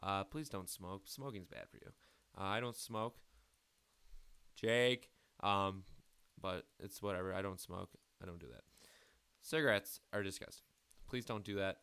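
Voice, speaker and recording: A man's voice: low-pitched, normal speed, gravelly, a bit bright, clear, resonant tone, no room sound. An eighteen-year-old man rambling crudely and mockingly at himself while giving casual gameplay commentary. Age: late teens. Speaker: gaming YouTuber.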